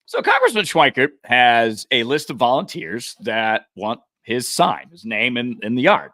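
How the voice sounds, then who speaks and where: Man, forties, co-host, storyteller, bright, dry sound. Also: mid-range voice, wildly swooping pitch, a little slow, no room sound. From Arizona. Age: 40s. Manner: laughs easily, acts out quotes while telling a story. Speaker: podcast co-host. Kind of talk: casual storytelling.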